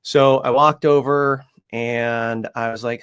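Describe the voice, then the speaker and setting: A man who trains dogs, talking casually with many fillers and restarts, and dropping into soft coaxing when he quotes himself talking to his puppy. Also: mid-range voice, steady tone, moderate pace, hardly any pauses. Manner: rambling, lots of fillers, coos softly when quoting himself to the puppy. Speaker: dog trainer. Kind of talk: casual talk to camera.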